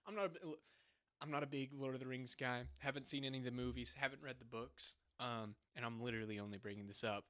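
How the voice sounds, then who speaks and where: Speaking fast in a mid-range, steady voice with a bright, forceful tone, a young man co-hosts a podcast. His talk is casual and sarcastic, punctuated by laughter as he pokes fun at what he's describing.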